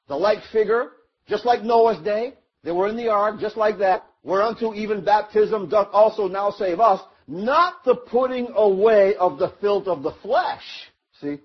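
High, husky-voiced man preaching. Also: lo-fi sound. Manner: storytelling, acts out the crowd and Noah, rising to shouts. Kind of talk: sermon.

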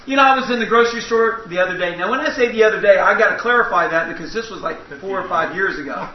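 A man's voice: sits high, fast talker, few pauses. A man preaching a sermon in a church, telling folksy, humorous stories. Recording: echoey hall, distant mic, dull sound.

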